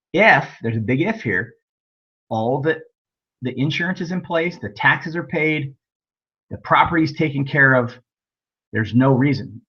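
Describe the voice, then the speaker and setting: A man's voice: mid-range voice, breathy edge. A man teaching real estate investing in a webinar, telling folksy stories and acting out both sides of conversations. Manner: folksy storytelling, acts out dialogue. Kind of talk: webinar lecture with anecdotes. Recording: dull lo-fi webinar audio.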